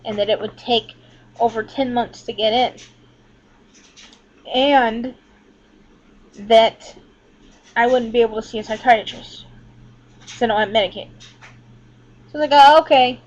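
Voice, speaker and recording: A woman's voice: a little high, fairly even intonation, a little slow, pauses often, a little mellow. A woman talking casually into her laptop at home, rambling candidly and swearing often. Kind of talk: casual webcam vlog. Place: indoors at home, leaning back from laptop. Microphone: laptop built-in mic. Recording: dull lo-fi laptop audio.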